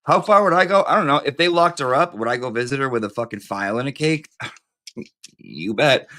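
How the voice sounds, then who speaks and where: A man's voice: medium pitch, a little fast, bright, forceful tone. Brief: male live-stream host, loose campy chat, foul-mouthed and rambling.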